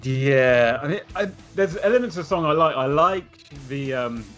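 A man's voice: on the high side, lively intonation, a little fast, a bit bright, soft background music. A man co-hosting a podcast, chatting casually about an album with wry humour. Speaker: podcast co-host. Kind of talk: casual chat about music.

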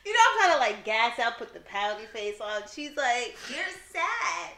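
A high, bright woman with a swooping, lively pitch shares stories in a casual podcast chat. She laughs as she talks, in a roomy space with faint background noise. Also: moderate pace. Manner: expressive storytelling, laughing, quoting her child. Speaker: podcast co-host.

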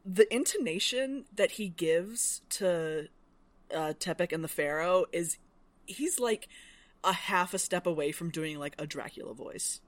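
Animated woman with a lively voice. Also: fairly low pitch, unhurried, no room sound. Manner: animated, laughing, swears casually. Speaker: podcast co-host. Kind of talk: casual book-club chat.

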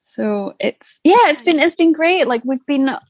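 A woman's voice: sits high, lively intonation, normal speed, no room sound. Chatty Scottish woman, dry close sound. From Scotland. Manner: chatty, rambling, many restarts and fillers. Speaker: actor guest. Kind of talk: casual interview over a call.

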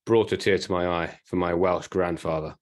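A man's voice: low-pitched, fairly even intonation, normal speed. A man co-hosting a casual sports podcast, talkative and emphatic, often restarting his sentences. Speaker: podcast co-host. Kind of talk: casual chat.

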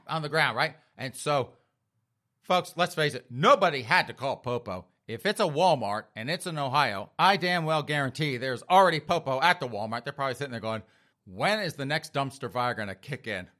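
Mocking guy doing comedy news rundown, bright sharp voice, bouncy pitch. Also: lively intonation, a little fast. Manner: mocking, storytelling, addresses listeners as folks. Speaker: host.

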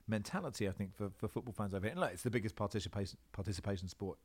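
A man's voice: fairly low pitch, rapid-fire. A man, a football presenter living in Australia, chatting in an interview with lots of restarts and fillers. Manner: rambling, animated, many restarts. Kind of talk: casual interview chat. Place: home in Australia.

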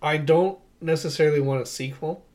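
A man's voice: a little high, fairly quick, darkish tone. Enthusiastic young man reviewing films. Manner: enthusiastic, rambling, laughs often. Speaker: podcast co-host. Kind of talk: casual movie review chat.

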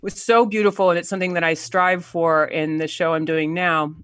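A woman in her forties, an actor guest in a casual conversation, telling stories animatedly with halting restarts and frequent laughs. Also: lowish voice, steady tone, a bit bright, no room sound, clean studio sound. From United States.

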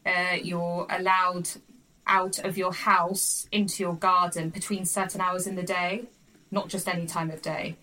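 A bright, forward woman in her thirties chats over a video call as a podcast co-host. She talks in stops and restarts and breaks into acted-out voices when she tells a story. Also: lowish voice, level tone, measured pace, low-quality recording. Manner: chatty, restarts a lot, acts out voices in anecdotes. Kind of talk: casual chat.

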